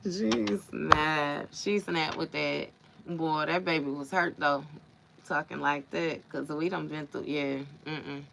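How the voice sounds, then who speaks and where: A woman's voice: deep voice, steady tone, takes it slowly, gravelly, background noise. A woman doing a tarot reading on a live stream, talking casually and with plenty of slang straight to her viewers. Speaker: tarot reader.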